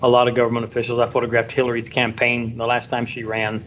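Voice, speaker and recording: Man, photographer, casual anecdote, animated, acts out voices, dull lo-fi sound, faint noise. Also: mid-range voice, fast talker. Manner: animated storyteller, mimics voices in quotes. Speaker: photographer guest.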